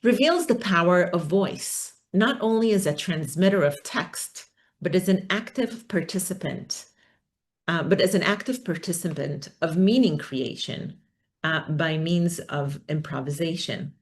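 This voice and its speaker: A woman's voice: on the low side, expressive, unhurried. A woman giving an academic talk, thoughtful and hesitant, with many fillers. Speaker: academic speaker. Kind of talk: conference talk.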